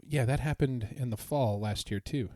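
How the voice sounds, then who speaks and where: A man co-hosting a loose podcast chat, rambling through his stories with a laugh here and a cleared throat there. His voice sits at an ordinary pitch, recorded close on a dry mic with no room sound. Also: moderate pace, darkish tone, no echo. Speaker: podcast co-host. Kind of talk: casual chat.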